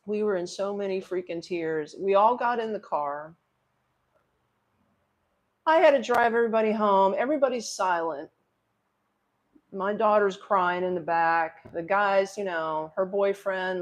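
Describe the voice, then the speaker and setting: Emotional middle-aged woman host, rambling. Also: mid-range voice. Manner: rambling, emotional, talks straight to viewers. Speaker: livestream host. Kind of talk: casual storytelling to live chat.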